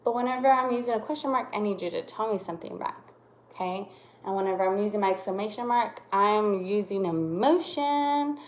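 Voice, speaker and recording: A woman's voice: mid-range voice, fairly quick. A young woman teaching a lesson to small children, patient, checking in often with "okay?" and exaggerating her intonation to show how it works.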